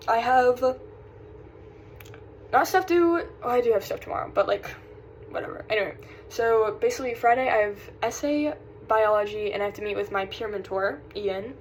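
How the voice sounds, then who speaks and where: A woman's voice: a little high, animated, moderate pace, pauses often, slight background noise, low-quality recording. Rambling young Southern woman vlogging. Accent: Southern American. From South Carolina. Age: young adult. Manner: rambling, distracted, sighing. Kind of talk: casual chat.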